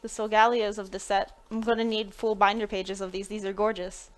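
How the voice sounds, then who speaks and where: A woman's voice: mid-range voice, flat delivery, brisk. A woman chatting casually on a live stream while opening card packs, thinking aloud and laughing between remarks. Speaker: live-stream pack opener.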